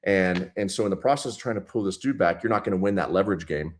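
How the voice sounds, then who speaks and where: A man's voice: deep voice, fast. A man in his thirties, a police sergeant guest, telling a story bluntly and profanely in a casual interview. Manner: blunt, profane, intense retelling.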